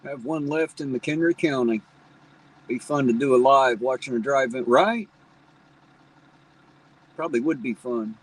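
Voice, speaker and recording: A middle-aged man with a slight Southern drawl from the Ohio Valley chats casually with his live-stream audience. His voice is husky and a little rough. He rambles along in a folksy, plainspoken way. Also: medium pitch, unhurried, long pauses, poor audio. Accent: Appalachian Ohio Valley, slight Southern drawl. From tri-state area where Ohio, Kentucky and West Virginia meet. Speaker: livestream host. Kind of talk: casual live-stream chat, reading viewer comments.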